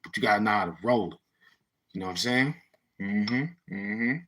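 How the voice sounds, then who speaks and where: A man with a New York City accent tells a neighborhood story in easygoing street slang and acts out the voices of his old friends. His voice sits low and carries a husky, breathy edge. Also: normal speed, a bit bright. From Brownsville, Brooklyn, New York. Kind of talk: casual storytelling.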